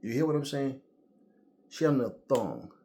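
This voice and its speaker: A man talking casually to camera about boxing, telling stories in a profane, animated way with lots of slang. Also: mid-range voice, normal speed, gravelly, slight background noise. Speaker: boxing commentator.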